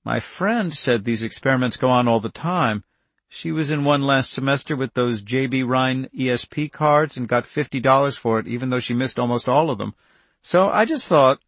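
A man's voice: mid-range voice, normal speed, fairly bright tone, no room sound. A man voicing a tall, pretty young woman student who is friendly but a little nervous, in a dry studio recording.

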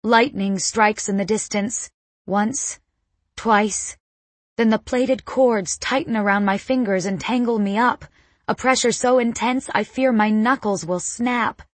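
Woman reading a dark audiobook slowly, very dry close mic, tense and dramatic. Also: fairly high pitch, no echo. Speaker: audiobook narrator. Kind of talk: first-person scripted narration.

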